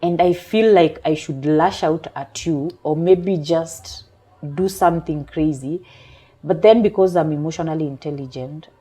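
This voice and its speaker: Woman, coach, talk show guest, husky voice, low pitch, calm explaining. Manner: calm, measured explaining with examples. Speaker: emotional intelligence coach.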